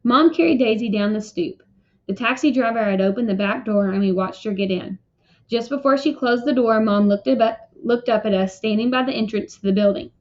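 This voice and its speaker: A woman reads a children's novel aloud in an earnest, emotional voice and pauses now and then for short apologetic asides. Her voice sits a little high. The recording is dull and muffled. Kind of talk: reading a book aloud.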